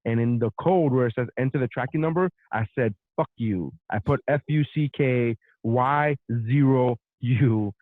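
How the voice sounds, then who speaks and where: A man hosting a podcast, telling a story in a profane, animated casual rant. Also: medium pitch, moderate pace, hardly any pauses, no room sound. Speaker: podcast host. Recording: dry, phone-like narrow sound.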